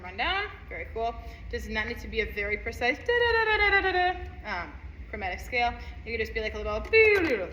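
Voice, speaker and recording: Bright-voiced woman teaching music. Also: on the high side, a little hiss or hum. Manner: counts rhythms aloud and sings them; upbeat, encouraging. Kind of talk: instrument lesson walkthrough. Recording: echoey room, faint ambience.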